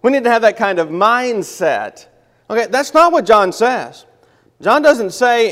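A man's voice: extremely high pitch, animated, unhurried, fairly bright tone, big-room sound. A man reading a Bible passage and then explaining it as a lesson, often correcting himself mid-sentence. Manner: reads scripture then explains it, with restarts and self-corrections. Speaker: Bible teacher.

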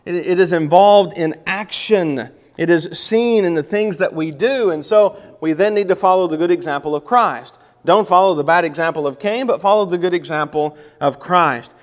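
High-voiced man teaching scripture in a hall. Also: normal speed. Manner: reads scripture then explains it, with restarts and self-corrections. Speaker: Bible teacher. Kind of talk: Bible lesson.

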